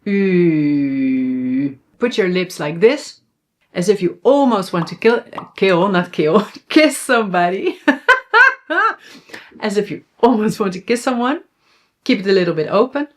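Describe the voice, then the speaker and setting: A young Dutch woman with a Dutch accent teaching pronunciation, modeling sounds slowly and asking the viewer to repeat after her. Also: medium pitch, animated. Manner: slow, clear pronunciation drills, asks viewer to repeat. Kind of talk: online language lesson.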